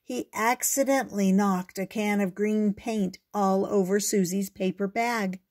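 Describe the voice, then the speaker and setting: An older woman reads a children's storybook aloud, gentle and expressive. Her delivery is very slow and unhurried, each sentence laid out carefully for young listeners. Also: mid-range voice. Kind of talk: reading a picture book aloud.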